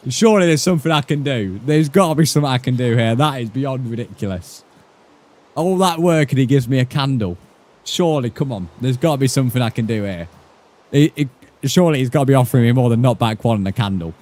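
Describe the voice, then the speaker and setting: A man with a British accent, giving profane, excitable live commentary while streaming a game. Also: medium pitch, fast talker. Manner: profane, excitable, mock-outraged. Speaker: gaming streamer.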